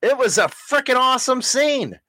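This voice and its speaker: Profane, animated male podcast co-host. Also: very high-pitched, normal speed, no echo. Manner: profane, ranting, teasing. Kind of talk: casual banter.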